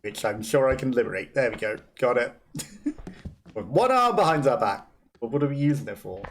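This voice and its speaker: Chatty Black Country man, lively voice. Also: medium pitch, brisk, a little hiss or hum. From West Midlands, England. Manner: chatty, laughs often, self-deprecating. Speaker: gamer. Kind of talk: let's play commentary.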